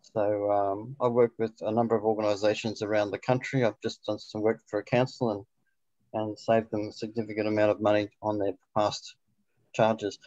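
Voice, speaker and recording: A man's voice: fairly low pitch, flat delivery, moderate pace, darkish tone, no room sound, dull audio. A man introducing his work on a video call, hesitant and full of ums. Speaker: meetup attendee introducing his business. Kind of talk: casual self-introduction.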